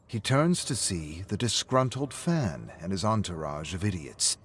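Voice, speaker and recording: A man reading scripted story narration in a measured way. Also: sits low, very animated, a bit bright.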